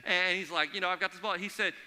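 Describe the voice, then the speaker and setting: Speaking quickly in a high, sharply bright voice, a pastor delivers a sermon in a church sanctuary. He tells stories energetically and slips into the voices of the people in them, while the hall's long reverb trails each phrase.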